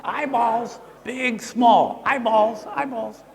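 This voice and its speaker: A man presenting a live workshop, playful and animated, quizzing the audience as he teaches. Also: very high-pitched, slow, vocal fry, long reverb tail. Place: seminar room with an audience.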